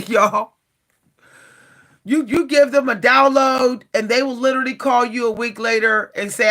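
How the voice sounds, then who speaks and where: Bright, animated woman venting to camera. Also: high voice, measured pace. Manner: animated, exasperated, often repeats herself and addresses viewers directly. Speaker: vlogger. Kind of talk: casual talk to camera.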